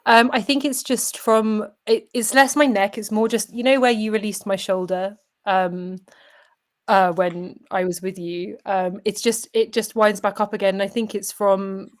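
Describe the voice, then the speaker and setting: A woman in her thirties talks haltingly, full of ums and self-corrections, as a guest on a call. Her voice has an ordinary pitch for a woman. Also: fairly even intonation. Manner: hesitant, many fillers and restarts. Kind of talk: casual chat.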